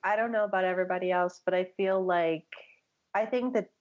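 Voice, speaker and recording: A woman's voice: fairly low pitch, fairly quick, highs cut off. Chatty, enthusiastic woman podcast host. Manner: enthusiastic, animated, lots of "like" fillers. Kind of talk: casual chat.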